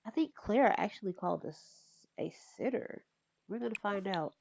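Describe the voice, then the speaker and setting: A woman's voice: mid-range voice, animated, moderate pace, gravelly, a little mellow, a little hiss or hum. A woman casually narrating a life-sim game story, retelling scenes in a chatty way.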